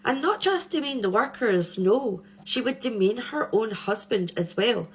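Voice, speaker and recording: A woman's voice: a little high, expressive, a little slow, slightly rough. A young woman hosting a true crime channel, telling the story in a chatty, rambling way with nervous giggles. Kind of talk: casual true crime chat.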